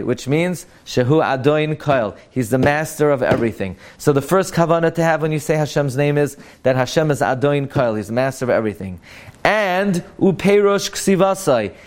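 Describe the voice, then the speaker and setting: A man teaching a classroom lesson on Jewish law. He talks emphatically, repeats Hebrew words to correct their pronunciation and asks rhetorical questions. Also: medium pitch. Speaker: Torah teacher.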